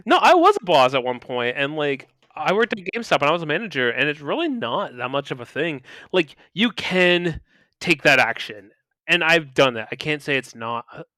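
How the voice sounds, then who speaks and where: A man on a casual podcast with a smooth, resonant voice and a bright edge. He rambles through his stories with lots of fillers and restarts. He is heard close and dry. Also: fairly high pitch, very animated, moderate pace, no room sound. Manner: rambling anecdotes, filler-heavy. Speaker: podcast co-host. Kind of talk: casual chat.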